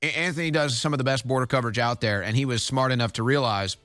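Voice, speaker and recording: A man's voice: medium pitch, quick pace, a bit bright, dry recording, faint music behind. Emphatic talk-show man, dry sound. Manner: urgent, emphatic commentary. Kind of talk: political talk commentary.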